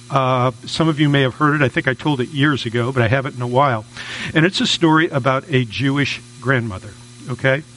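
A man's voice: mid-range voice, fairly bright tone, a little hiss or hum, rough recording. Chatty man giving a sermon. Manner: conversational, repetitive, often asking "okay?". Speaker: minister.

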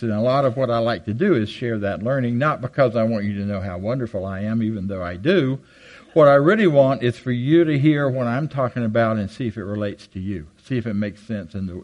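An older man giving an animated, self-deprecating storytelling talk to a live audience on a handheld mic. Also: rough recording. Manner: animated, jumps high for quoted voices. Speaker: guest speaker. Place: hall with audience. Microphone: handheld microphone.

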